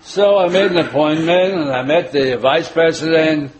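Older rabbi telling a rambling story. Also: male voice, a little high, rough recording. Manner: rambling, many filler pauses, chuckles at own jokes. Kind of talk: sermon with personal anecdote.

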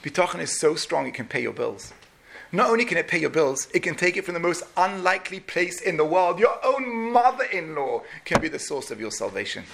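A man's voice: fairly high pitch, a little fast, creaky, a little hiss or hum. A man preaching a sermon, telling a story and acting out the voices of the people in it. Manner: animated, acts out each person's voice.

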